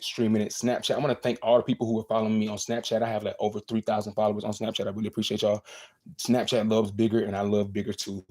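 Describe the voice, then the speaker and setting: A young man speaks to his fans on a livestream through a phone or webcam mic. His voice sits a little low and sounds warm and mellow. He talks in an earnest, motivational way, often repeating lines for emphasis. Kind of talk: casual livestream talk to fans.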